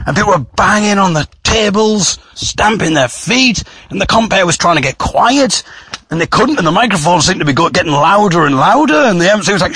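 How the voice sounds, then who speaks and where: Husky, bright-toned storyteller with an animated delivery; he mimics shouting crowds. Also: high voice, brisk, dry recording. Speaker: comedian telling a story. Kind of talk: storytelling vlog.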